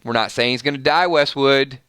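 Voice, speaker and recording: A man with a Southern US twang hosts a livestream and rants emphatically at his viewers. His voice is bright and forceful, smooth and crisp. It sounds dry and close. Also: medium pitch, a little fast, no room sound. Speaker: YouTube channel host. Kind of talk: livestream commentary and ranting.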